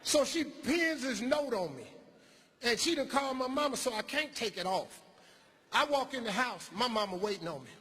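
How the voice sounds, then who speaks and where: A man doing stand-up comedy, telling a childhood story in a profane, animated way and acting out the people in it. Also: extremely high pitch, moderate pace, husky, big-room sound. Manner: profane, animated, acts out characters.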